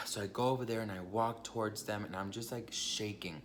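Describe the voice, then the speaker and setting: A man's voice: on the low side, steady tone, normal speed, fairly bright tone, slight background noise. A young man telling a personal story in a casual, chatty vlog, swearing freely and talking straight to his viewers. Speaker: vlogger.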